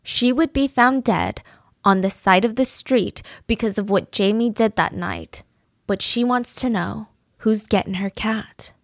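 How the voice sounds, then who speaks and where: A woman's voice: mid-range voice, unhurried, dry recording, studio quality. A woman podcast host narrating a true-crime story in a casual, chatty way.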